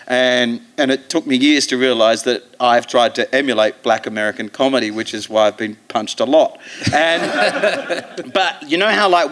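Bright, brash Australian man telling stories. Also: mid-range voice. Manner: profane, animated storytelling with put-on voices. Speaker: comedian guest. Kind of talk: live podcast interview. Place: theatre stage.

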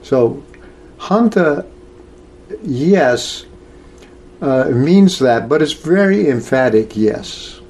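A man teaching a scripture class in a slow, halting way, with many filler sounds as he explains verses. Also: mid-range voice, lively intonation, darkish tone. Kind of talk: lecture on scripture.

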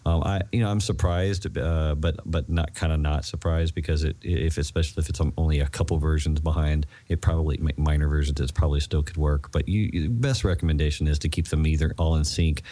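Brief: very low-voiced man, mellow tone, halting tech explainer. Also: fairly even intonation. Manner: hesitant, many fillers and restarts. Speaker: podcast co-host. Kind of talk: casual tech podcast chat.

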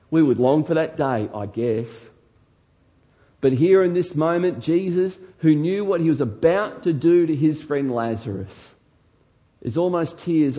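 Animated male preacher reading scripture. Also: fairly high pitch, measured pace, lo-fi sound. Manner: shouts dramatically when acting out quotes. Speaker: pastor. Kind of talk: sermon.

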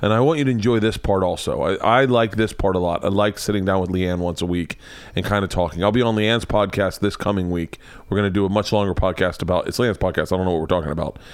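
Man, low voice, podcast host, casual rambling chat, dry sound. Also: quick pace, dry recording. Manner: rambling, restarts sentences, swears casually.

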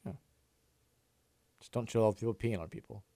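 A man co-hosting a sports radio show, chatting and joking in a quick, casual way. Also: lowish voice, gravelly, dark tone, no echo.

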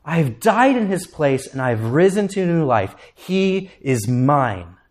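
A man's voice: fairly high pitch, sing-song, unhurried, darkish tone. A man voicing Jesus, who stands before the Father to defend his own, resolute and firm as he declares each line.

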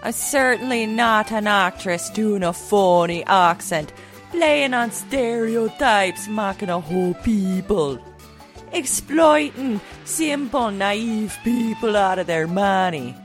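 A woman's voice: medium pitch, expressive, slow pace, soft background music. A woman voicing a scammy, boastful female phone psychic with a put-on Jamaican accent, in a comedy sketch. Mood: salesy. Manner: salesy, brash, self-assured.

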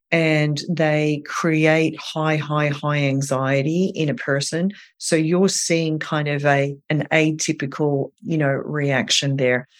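A woman speaking as a therapist guest on a podcast, gentle and reassuring, thinking aloud with soft fillers. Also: low voice. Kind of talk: podcast interview.

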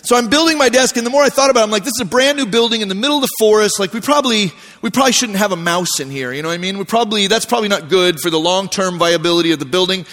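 A man preaching a sermon as pastor, telling stories in a relaxed, conversational way with animated voiced asides. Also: high-pitched, racing, hardly any pauses. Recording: long hall reverb.

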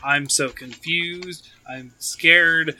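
Brief: a man voicing a traumatized male survivor, panicky and rambling, bright voice. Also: fairly high pitch, fairly even intonation, very slow, full character voice. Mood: scared, confused. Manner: panicky, rambling, breaking into shouts. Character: terrified grieving male survivor lost in woods.

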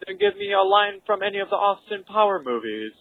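A man calling in with deadpan, crude joking voicemails. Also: high voice, a little fast, creaky, phone-quality sound. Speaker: caller leaving voicemails.

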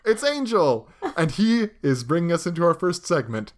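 A young man co-hosting a chatty podcast, cracking jokes and riffing with quick asides. His talk is loose and casual. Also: on the high side, sing-song. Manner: jokey, riffs with quick asides. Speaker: podcast co-host. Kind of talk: casual chat.

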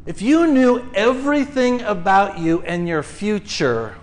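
A man preaching to his congregation, telling a lively story full of acted-out cries, then leading a slow, hushed prayer. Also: sits high. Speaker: pastor. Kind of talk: sermon. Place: church sanctuary.

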